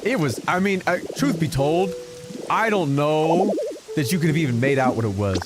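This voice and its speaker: Male game streamer, lively swooping delivery, slightly high voice, game music underneath. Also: normal speed, heavy background noise. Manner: animated, exaggerated storytelling with repetition for effect. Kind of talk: casual storytelling while gaming.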